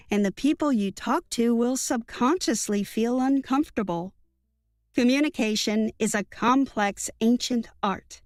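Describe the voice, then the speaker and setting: A woman reading a book summary as scripted narration, in an even, measured way. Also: fairly high pitch, no echo. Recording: dry studio voice-over with soft music.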